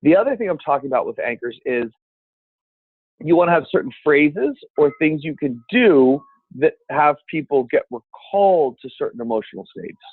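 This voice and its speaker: A man teaching a seminar on speaking with an energetic, emphatic coaching delivery. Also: a little high, moderate pace, husky, no echo. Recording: dry, phone-like sound.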